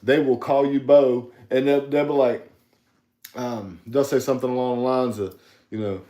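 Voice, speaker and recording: A young man from the US South with a Southern accent, co-hosting a casual podcast chat, playful and quick to laugh. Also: medium pitch, steady tone, dark tone, reverberant. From US South, South Carolina. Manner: laughs often, playful, repeats words. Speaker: podcast co-host.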